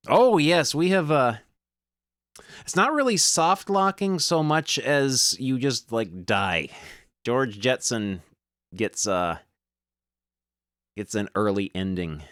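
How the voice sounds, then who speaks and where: Lively, wry male game streamer. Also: on the low side, slow pace, no room sound, clean studio sound. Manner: lively, wry, self-amused. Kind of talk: casual let's-play commentary, reading game text aloud.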